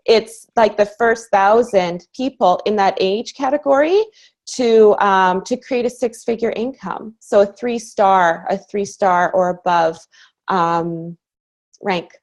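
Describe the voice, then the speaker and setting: A woman's voice: medium pitch, slow. Earnest, enthusiastic woman sharing her story. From Canada. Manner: earnest and enthusiastic, laughs easily, many "you know"s. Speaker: guest speaker on a training call. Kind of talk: personal story in casual conversation.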